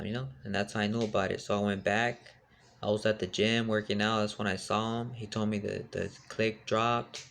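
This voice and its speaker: A man's voice: on the low side, gravelly, slight background noise. A young man casually telling a rambling personal story, full of fillers and street slang.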